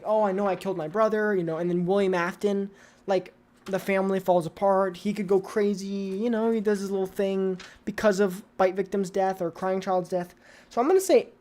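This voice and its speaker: A woman's voice: mid-range voice, a little mellow. A woman hosting a casual livestream. She reacts to viewer comments, talks straight to chat and often repeats her words. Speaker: livestream host.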